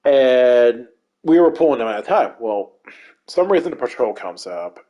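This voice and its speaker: A man's voice: mid-range voice, normal speed, lo-fi sound. A man telling a gaming story in casual chat, swearing a lot and acting out what others said. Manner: animated and profane, acts out what others said.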